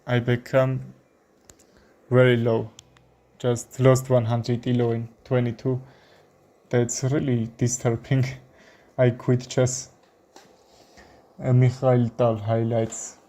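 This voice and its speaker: Slow, flat-voiced Armenian-accented man. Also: mid-range voice. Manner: halting non-native English with many fillers and restarts. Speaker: chess streamer. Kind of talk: live-stream commentary while playing.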